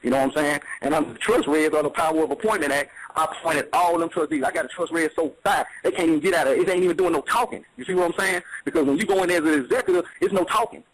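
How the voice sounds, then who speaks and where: A man's voice: a little high, racing, few pauses, a little hiss or hum, rough recording. A man explaining in casual, streetwise talk, emphatic and repetitive, often checking that the listener follows. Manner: streetwise, emphatic, repeats "you see what I'm saying".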